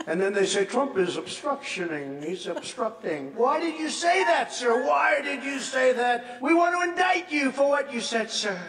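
A man playing a boastful, blustery older politician in a comedy parody clip. He rambles with mock indignation. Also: sits high. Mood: mock-indignant. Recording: echoey, distant, music underneath.

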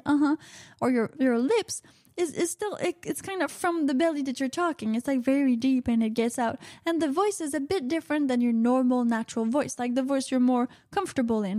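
A high-pitched woman hosts her own radio show from a close microphone in a dry, dead room. She rambles casually, filling her pauses with frequent "uh-huh" and "mm-hmm". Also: darkish tone, no echo. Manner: chatty, rambling, many "uh-huh" and "mm-hmm" fillers. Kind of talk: casual solo radio talk.

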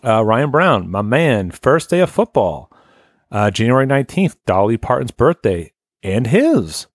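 A man's voice: mid-range voice, big pitch swings, a little slow, dry recording, studio quality. A man hosting a casual podcast, reading listener lists in a loose, rambling way and swearing offhand. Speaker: podcast host.

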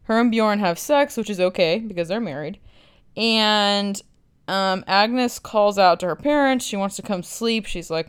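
A woman's voice: medium pitch, measured pace, clean tone. A woman podcast host recapping a film in a blunt, sarcastic way, swearing freely.

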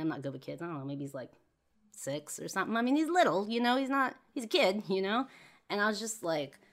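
A young woman hosting a podcast, telling a personal story in a rambling way full of "you know" and "like". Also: low-pitched. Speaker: podcast host.

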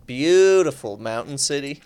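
A man's voice: medium pitch, animated, a little slow, darkish tone, clear, resonant tone. Laid-back foul-mouthed male podcast host. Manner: laid-back, profane, joking. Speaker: podcast host and stand-up comedian. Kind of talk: casual comedic podcast chat.

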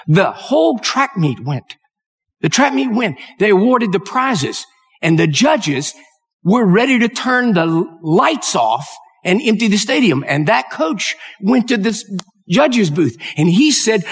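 A male preacher delivers a sermon, telling a story that builds into impassioned exhortation. His voice sits high for a man. It rings out with a long reverb, as in a large hall. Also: big pitch swings, unhurried, breathy edge. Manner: emotional, rising to impassioned exhortation.

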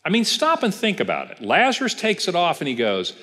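A man's voice: sits high, wildly swooping pitch, a little fast, few pauses, sharp tone. A man pastor giving a casual Bible class, telling the story and asking the class questions. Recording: reverberant church hall.

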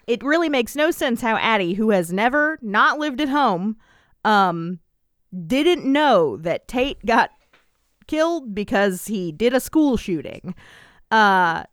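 Sarcastic woman recapping, smooth dry voice. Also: a little high, expressive, slow, dry recording. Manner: dry, sarcastic, frequent ums. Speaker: podcast co-host. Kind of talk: casual recap chat.

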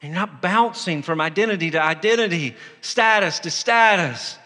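A man with a high, bright voice preaches a sermon in a church. His delivery swings between fervent exhortation and quiet storytelling, and a long reverb trails his words through the hall. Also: animated, moderate pace. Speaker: pastor.

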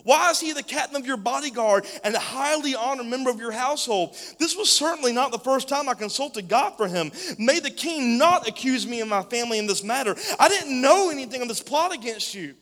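A man's voice: extremely high pitch, expressive, brisk, hardly any pauses, fairly bright tone, voice pushed up, full character voice. A preacher voicing a frightened old-time priest who pleads his innocence before a king, in a hall with long reverb. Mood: pleading. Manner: pleading, desperate. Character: pleading frightened male priest defending himself.

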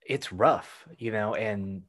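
A man's voice: on the low side, slow pace, a bit bright. A man in casual chat who rambles, trails off and searches for words.

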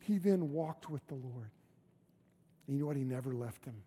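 A man's voice: medium pitch, moderate pace, warm tone, husky. A man preaching a sermon as pastor in a church, conversational and emphatic, with repeated phrases. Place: church sanctuary.

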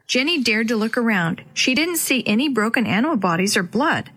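A woman reads a children's chapter book aloud in an expressive storytelling voice. Her pitch sits a little high for a woman. She addresses young listeners as the show's regular reader. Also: fairly quick, husky.

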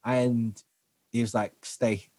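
A man guest on a podcast, telling lively stories, acting out what people said and laughing often. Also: medium pitch, normal speed, slightly rough, no room sound. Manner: animated storyteller who acts out quotes and laughs often. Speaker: guest, dancer, singer and actor. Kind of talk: casual interview chat.

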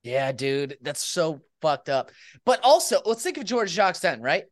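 A woman's voice: sits low, sing-song, moderate pace. A woman co-hosting a podcast, casual comedic banter, giggly, profane and playful. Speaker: podcast co-host.

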